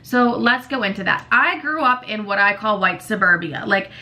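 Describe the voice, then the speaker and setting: A woman's voice: mid-range voice, expressive, normal speed, pushed and bright, poor audio. A young woman in her twenties hosting her own podcast, chatting casually and animatedly, full of "like" fillers and swearing. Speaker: podcast host. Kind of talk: casual confessional chat.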